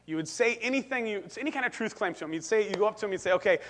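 A man preaching a sermon in a church, animated and emphatic, often breaking in with "listen" and "right?". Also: high voice, very fast. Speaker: pastor. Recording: long reverb of a church.

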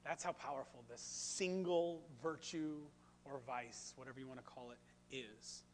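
A man's voice: mid-range voice, unhurried, slight background noise. A man preaching a sermon, speaking animatedly and putting questions to the congregation. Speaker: pastor.

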